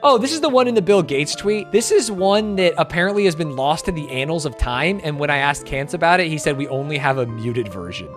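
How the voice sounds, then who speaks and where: A man's voice: on the high side, lively intonation, fairly quick, few pauses, music in the background. An American man reacting to video clips on a stream, joking, swearing and ranting in exaggerated bursts. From United States. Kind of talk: casual reaction commentary.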